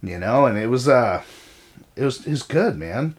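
A man's voice: medium pitch, animated, normal speed. A middle-aged man co-hosting a casual talk show, blunt and swearing freely as he tells stories about raising his kids. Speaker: podcast co-host. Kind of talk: casual chat.

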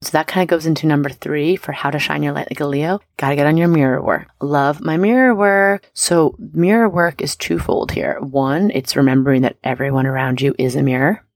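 A woman's voice: low voice, fairly quick, few pauses, dry recording, clean studio sound. A woman hosting an astrology podcast, bubbly and affirming as she coaches the listener. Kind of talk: casual motivational talk.

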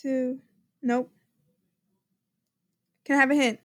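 A woman's voice: high voice, slow pace, no echo. A young woman co-hosting a podcast, chatting casually and laughing a lot as she recalls viral clips. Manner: giggly, animated, quotes viral clips in put-on voices. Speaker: podcast co-host, quiz contestant. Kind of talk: casual chat.

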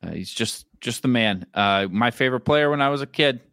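A man co-hosting a sports podcast, laying out stats in a slow, deliberate way. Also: medium pitch, lively intonation, fairly bright tone, dry recording, clean studio sound. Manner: deliberate, spells out stats slowly. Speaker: podcast co-host. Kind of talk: casual sports chat.

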